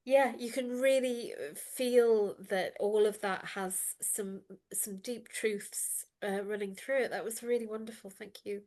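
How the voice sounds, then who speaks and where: A woman's voice: medium pitch, steady tone, unhurried, hardly any pauses, darkish tone. A woman hosting an online poetry open mic, effusive and chatty, with many fillers. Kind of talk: casual hosting.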